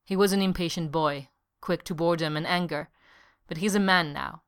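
A woman reading fan fiction aloud as an audiobook narrator, calm and even. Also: on the low side, normal speed, clean tone. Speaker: podfic reader.

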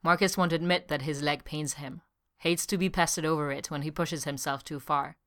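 Woman, story narrator, very deep pitch for a woman, soft, even, unhurried reading.

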